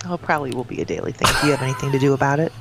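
Lively-voiced woman radio co-host. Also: extremely low pitch, creaky. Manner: quick retorts, skeptical and playful. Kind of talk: radio morning show banter.

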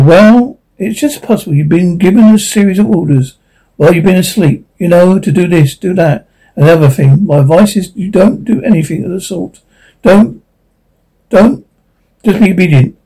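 An eccentric, curious man, read by a man who gives brisk, confiding advice. The voice sits high and slightly husky. It has a warm, dark tone. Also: animated, heavily acted, rough recording. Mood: earnest.

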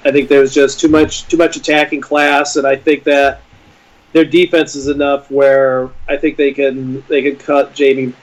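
A man co-hosting a casual football prediction chat, measured and using fillers. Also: medium pitch, little pitch movement. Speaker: podcast co-host. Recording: dull lo-fi sound.

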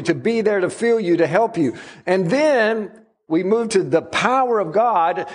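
A male pastor delivers a sermon in a high, husky voice. He leans on dramatic pauses and drags out key phrases for emphasis.

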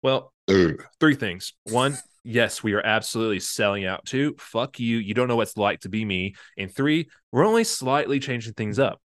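A man's voice: lowish voice, lively intonation, normal speed, dry recording, studio quality. A young man co-hosting a casual podcast, joking and rambling with lots of fillers while tipsy from drinking. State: slightly drunk. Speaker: podcast co-host. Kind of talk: casual chat.

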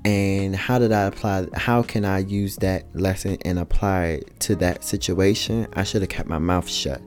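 Man, very low voice, earnest personal monologue, repeats himself for emphasis, faint music behind. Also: fairly even intonation, moderate pace, a little mellow. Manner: colloquial, speaks to listeners directly.

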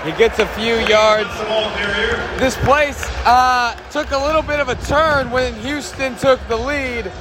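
A man hosting his own fan sports show live from the stands of an outdoor football stadium, talking in a hyped, shouty, rambling way and losing his voice. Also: extremely high pitch, measured pace. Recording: loud stadium crowd and noise.

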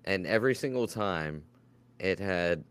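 A man co-hosting a casual podcast chat who jumps in quickly with questions and jokes. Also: low-pitched, expressive, fairly bright tone, clear, resonant tone, dry recording. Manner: quick interjecting, joking. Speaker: podcast co-host.

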